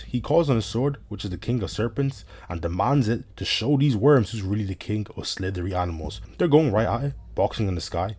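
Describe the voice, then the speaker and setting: A man's voice: lowish voice, darkish tone, slightly rough. A young man giving casual, slangy recap commentary over anime footage, with joking asides.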